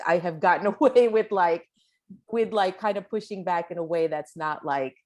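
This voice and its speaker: Her voice sits fairly low and a little mellow, at a moderate pace, as she speaks on a panel discussion. Conversational in tone, she often restarts, gives light laughs, and keeps asking "right?"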